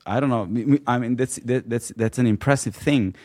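A man interviewing a guest in a casual sit-down chat, talking in a rambling, halting, earnest way. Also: medium pitch, a little mellow, no echo, studio quality.

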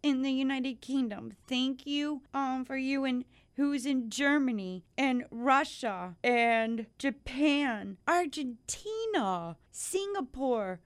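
An American woman hosts her own life-coaching podcast, speaking in a high-pitched, expressive voice that is slow, clear and resonant with hardly any pauses. In a casual monologue she gushes with gratitude, restarts often and tears up with joy.

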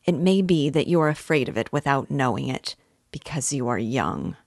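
A woman's voice: rumbling low, expressive, normal speed, a little mellow, dry recording, clean studio sound, heavily acted. A woman reading the lines of a persuasive middle-aged male police investigator, in an insistent, fatherly manner. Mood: earnest.

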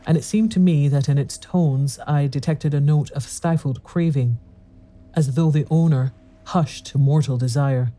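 A man narrating a classic horror story in a measured, steady storytelling manner. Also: on the high side.

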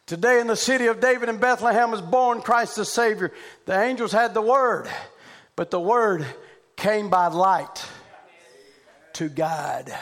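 A man preaching a sermon, dropping low and hushed and then climbing into loud, shouted preaching cadences.

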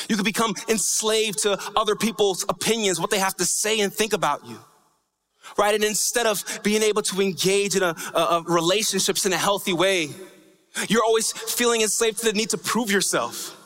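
A man with a high, bright, forceful voice preaches a sermon in a church. He keeps it conversational, tossing in "right?" to the congregation, and lets key lines lift into a lilting, sing-song cadence. His voice rings out with the long reverb of a large hall. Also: moderate pace. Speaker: pastor.

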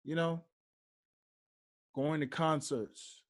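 A young man hosting a solo podcast, speaking slowly and deliberately and stressing his key points. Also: a little high, steady tone. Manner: slow, deliberate, emphatic. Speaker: podcast host.

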